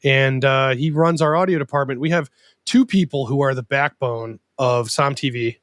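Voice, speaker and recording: A man's voice: medium pitch, moderate pace, no echo. A man hosting a podcast in a casual, joking and openly sentimental way. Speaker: podcast host.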